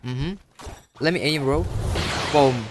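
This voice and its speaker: A man giving casual gameplay commentary, chatting with other players, who breaks into sudden shouts and laughter. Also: mid-range voice, slow, background noise. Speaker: gaming YouTuber.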